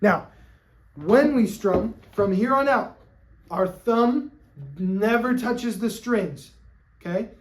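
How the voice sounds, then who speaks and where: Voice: mid-range voice, takes it slowly, long pauses. Upbeat ukulele teacher checking in often. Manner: friendly, checks in with "okay?" constantly; counts beats aloud while strumming. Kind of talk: on-camera music lesson. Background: ukulele strumming.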